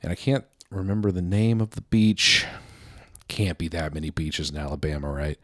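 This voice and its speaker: A deep-voiced man hosts his own podcast with no plan, wandering from one thought to the next and poking fun at himself. He sounds a little out of breath. His voice is close and dry, with almost no room sound. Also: flat delivery, normal speed, a bit bright, dry recording. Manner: rambling, self-mocking, laughs at own jokes. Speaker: podcast host. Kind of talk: unscripted solo chat.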